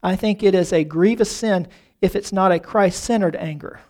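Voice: mid-range voice, moderate pace, darkish tone. A pastor preaching a sermon in a church, talking earnestly and often doubling the first word of a phrase. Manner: earnest, repeats words while starting phrases.

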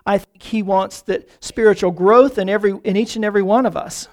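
A man preaching a sermon, often calling the congregation folks and repeating key phrases, slowing down to stress them. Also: high-pitched, fairly even intonation. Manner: slows down on key phrases for emphasis.

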